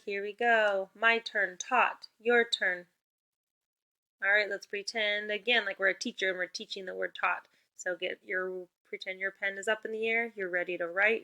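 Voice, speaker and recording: A woman teacher runs a remote spelling lesson for young children using call-and-response prompts. Her bright, mid-pitched voice sounds upbeat and encouraging. She keeps a steady tone and a moderate pace.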